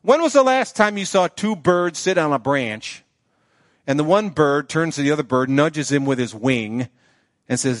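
A man's voice: a little high, expressive, normal speed, no echo, studio quality. A male pastor preaching a sermon in a conversational way, often checking in with the congregation. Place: church sanctuary.

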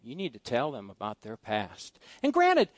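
A middle-aged male pastor telling folksy personal stories during a sermon, swinging between loud asides and quiet musing. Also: medium pitch, huge pitch swings, moderate pace, dry recording. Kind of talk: storytelling sermon. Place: church sanctuary.

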